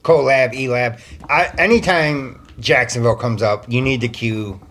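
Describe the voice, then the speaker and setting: A man's voice: mid-range voice, moderate pace, fairly bright tone. A man co-hosting a casual sports podcast who answers in short, terse replies. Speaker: podcast co-host.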